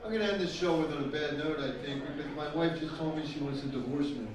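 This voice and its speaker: Speaking fast in a slightly high voice, a middle-aged comedian works the crowd onstage at a live event, teasing them crudely and cracking himself up. The clip comes from a distance in an echoey hall with music playing.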